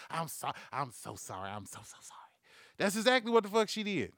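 Profane, animated man ranting. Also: a little high, clear, resonant tone, no echo, studio quality. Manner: profane, loud, animated storytelling; acts out quoted voices. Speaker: podcast host. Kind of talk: comedic news rant.

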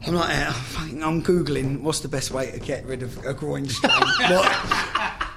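Animated swearing man telling stories. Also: on the high side, unhurried, gravelly, music in the background. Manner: animated, swears freely, acts out dialogue. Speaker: former footballer guest. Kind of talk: casual storytelling chat.

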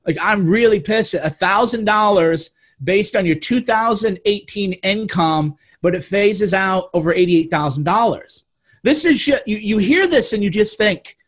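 A man's voice: high voice, lively intonation, moderate pace, a bit bright. A man hosting a casual talk, speaking bluntly and indignantly, with some swearing. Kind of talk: casual political chat.

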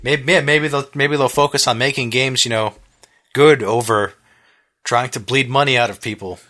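Tired male co-host with a bright, sharp tone, halting and trailing off. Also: mid-range voice, fairly even intonation. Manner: hesitant, trailing off and restarting. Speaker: podcast co-host. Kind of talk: casual podcast chat.

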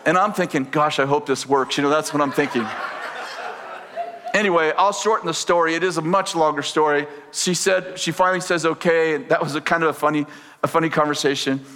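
A man preaches in a storytelling style, acting out each exchange and breaking into laughter along the way. His voice sits fairly high for a man. The sound carries a long reverb, as in a large hall. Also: brisk. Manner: animated storyteller, acts out dialogue, laughs often. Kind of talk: storytelling sermon.

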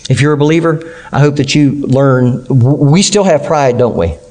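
Male pastor, sermon delivery, earnest and deliberate, leans on key words, church setting. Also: medium pitch, a little mellow. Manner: earnest preaching with slow, emphatic stresses. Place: church sanctuary.

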